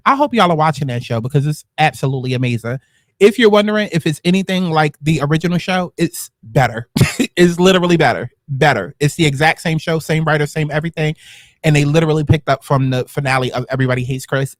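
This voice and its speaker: A man, hosting casual reality-show commentary in a sassy, animated, gossipy way and swearing freely. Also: a little high, no room sound, studio quality. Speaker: YouTube commentary host.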